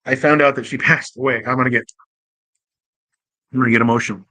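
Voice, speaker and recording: A man's voice: medium pitch, a little fast, long pauses, pushed and bright, dry recording. A man hosting a show, telling stories from his cab-driving years in a loose, profane, casual way. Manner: loose, profane, conversational with frequent restarts. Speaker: podcast host, former cab driver. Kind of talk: casual storytelling monologue. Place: Portland area.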